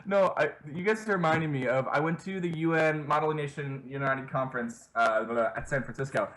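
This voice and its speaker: A man's voice: on the high side, a little fast, fairly bright tone, low-quality recording. A young man co-hosting a podcast, rambling through a story with frequent laughs. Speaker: podcast co-host. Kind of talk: casual chat.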